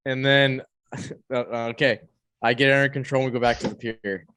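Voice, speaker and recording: A man playing a tabletop game, halting and full of ums as he thinks out loud. His voice is smooth and resonant. It is recorded dry and close. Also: mid-range voice, steady tone, no room sound. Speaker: player.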